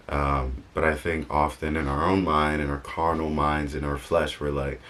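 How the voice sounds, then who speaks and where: A man's voice: a bass voice, fairly even intonation, measured pace, fairly bright tone. A young man talking casually in a vlog, rambling and correcting himself with joking asides. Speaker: vlogger. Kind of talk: casual motivational vlog talk.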